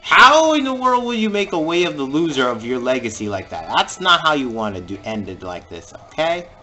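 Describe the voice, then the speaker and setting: A man giving jokey let's-play commentary over a video game and reacting with sudden loud exclamations. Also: fairly high pitch, big pitch swings, fairly quick. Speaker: gamer playing through a video game.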